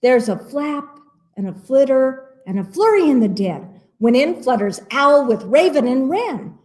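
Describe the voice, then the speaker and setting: Expressive woman reading a picture book. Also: sits high, unhurried. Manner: expressive, playful storybook reading with asides. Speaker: library storytime reader. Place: library.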